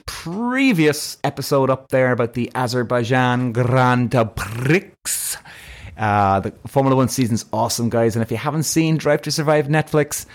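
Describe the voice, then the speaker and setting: A man, possibly, hosting his own podcast as a casual monologue, speaking bluntly with plenty of swearing and animated emphasis. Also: mid-range voice. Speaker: podcast host.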